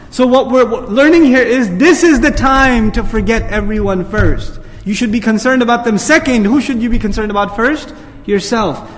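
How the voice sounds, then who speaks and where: In a large hall, a man with a very high voice delivers an urgent lecture-style sermon as an Islamic speaker. He presses the audience with rhetorical questions and recites Arabic verses.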